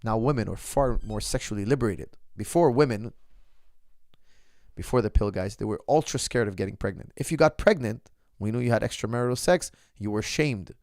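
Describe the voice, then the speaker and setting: A middle-aged martial arts coach speaks to his viewers casually and bluntly, calling them "guys" and frequently restarting sentences. His voice is lowish, fairly quick and darkish, captured in studio quality with no room sound.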